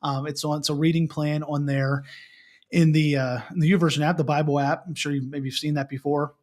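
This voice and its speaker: A man's voice: fairly high pitch, brisk. A middle-aged man from Pennsylvania hosting a casual morning show, telling a story with lots of restarts and asking listeners questions. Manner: animated, restarts and repeats, asks the listener questions. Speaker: host.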